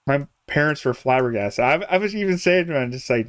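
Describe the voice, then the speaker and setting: A man's voice: medium pitch, expressive, brisk, clear, resonant tone, dry recording. A young man chatting casually on a game live stream, rambling, chuckling often and trailing off mid-thought. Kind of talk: casual live-stream chat while playing.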